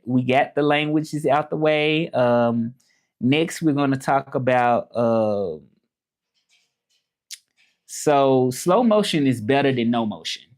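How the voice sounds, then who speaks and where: A man from Memphis, hosting a casual live chat and repeating his phrases slowly as he thinks them over. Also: medium pitch, a little mellow. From Memphis, Tennessee, USA. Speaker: livestream host.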